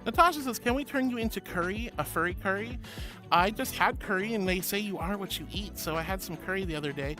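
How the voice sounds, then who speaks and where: A woman's voice: medium pitch, fast talker, fairly bright tone. A woman streamer chatting casually and reading viewer comments aloud, bubbly, giggly and affectionate. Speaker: streamer host. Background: background music.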